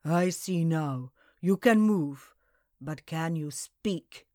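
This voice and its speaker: A woman voicing a stern Danish male jarl in his thirties, with a Danish accent and a flat, commanding manner. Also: low-pitched, slow pace, dry recording, studio quality, pitched below the performer's own voice.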